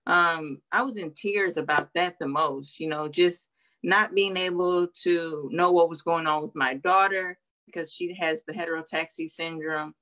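A young woman on a video call, earnestly telling her story as an interview guest and often pausing with ums. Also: on the low side, steady tone, a bit bright. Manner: earnest, hesitant with many ums. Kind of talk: emotional interview testimony.

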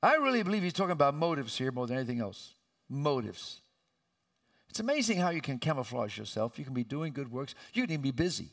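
A male pastor preaching a sermon with emphatic delivery and sudden loud, high outbursts, recorded in a church sanctuary. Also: big pitch swings, quick pace, recorded from a distance.

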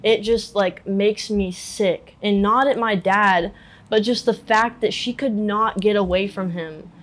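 Brief: young woman interviewee, mid-pitched, emotional, halting, heavy on filler words. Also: steady tone. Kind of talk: candid personal interview.

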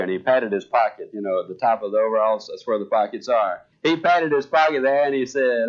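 A man's voice: medium pitch, brisk, few pauses. An older man, a sales trainer giving a motivational speech, telling a story and voicing the people in it. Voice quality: animated storyteller voicing dialogue. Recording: dull lo-fi speech recording.

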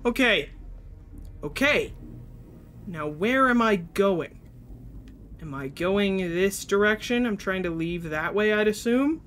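A man's voice: high voice, lively intonation, slow pace, long pauses, a bit bright, soft background music. A young man streaming live, giving jittery, panicky commentary as he plays and talks to his chat.

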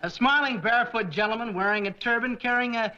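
A man's voice: quick pace, exaggerated voice. A man playing a peevish radio announcer who reads ads in a 1960s sitcom. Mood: pitchman. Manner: peevish, ad-reading pitchman. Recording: lo-fi 1960s TV audio, loud hiss.

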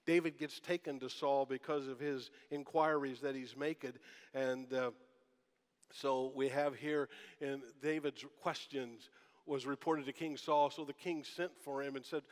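A man's voice: mid-range voice, steady tone, normal speed. Preaching man in a reverberant church. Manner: conversational preaching with rhetorical questions. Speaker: pastor. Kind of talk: sermon. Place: church sanctuary. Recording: long church hall reverb.

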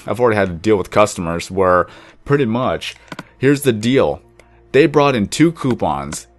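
A young man casually commenting while he plays a block-building game, rambling and chatty, sometimes cooing at his pet dog. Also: lowish voice. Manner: rambling, chatty, self-described monotone when calm. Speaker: gaming YouTuber.

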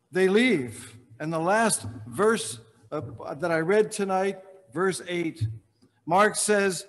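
A man preaching a sermon as pastor, telling the story with dramatic pauses and letting phrases trail off softly. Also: high-pitched. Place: large church sanctuary. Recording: reverberant church hall.

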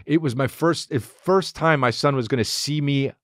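A man hosting a podcast, telling rambling stories in a profane, animated, casual monologue. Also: mid-range voice, normal speed, no echo, studio quality. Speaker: podcast host.

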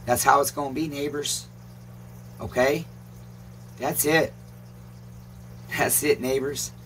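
A man's voice: a little high, fairly even intonation, takes it slowly, a bit bright, a little hiss or hum. A man who runs a repair shop, talking in a rambling casual vlog, emphatic and swearing often. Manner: emphatic, swears often, calls viewers "neighbors". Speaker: chainsaw repair shop owner and channel host.

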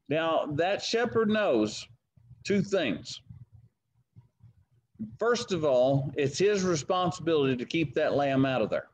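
A man's voice: fairly high pitch, highs cut off. A man with a Southern American accent leading a Bible study, telling folksy stories between scripture quotes.

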